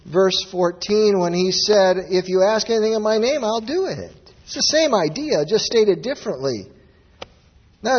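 A man's voice: sits high, husky. A man preaching a sermon with emphatic, rising exclamations. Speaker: pastor. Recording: dull lo-fi audio with long hall reverb.

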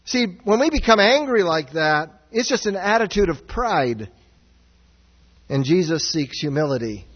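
A man preaching a sermon as pastor, earnest and searching, swinging from raised, near-shouted passages down to low, quiet ones. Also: sing-song, moderate pace, husky. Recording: dull sound with long hall reverb.

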